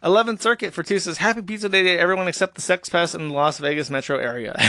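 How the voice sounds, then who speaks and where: A man streaming, reading viewer donation messages aloud and adding crude, offhand comments in a casual, flat way. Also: sits high, fast, dry recording, studio quality.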